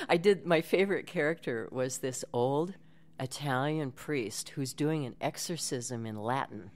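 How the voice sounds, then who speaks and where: A woman's voice: rumbling low, unhurried. Chatty woman telling stories, laughing. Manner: chatty storyteller, laughs often. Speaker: actress and guest. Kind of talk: casual podcast interview.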